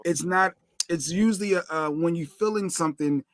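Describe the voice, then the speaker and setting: A man on a talk show panel in a casual debate, speaking haltingly and repeating his words. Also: on the high side, dry recording.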